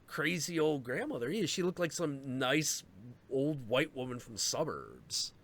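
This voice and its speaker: A man's voice: mid-range voice, sing-song, moderate pace, fairly bright tone. A young man chatting casually on a stream, telling stories and acting out the people he quotes. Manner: storytelling, acts out quotes in voices. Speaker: stream host. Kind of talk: casual chat.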